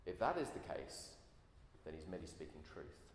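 A man's voice: a bass voice, sing-song, normal speed. A man preaching a sermon in an earnest way, full of rhetorical questions. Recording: echoey hall, faint room noise.

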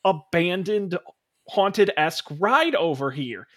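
A man's voice: high-pitched, big pitch swings, unhurried, fairly bright tone, heavily acted. A man voicing an annoyed, impatient teenage boy who speaks brusquely.

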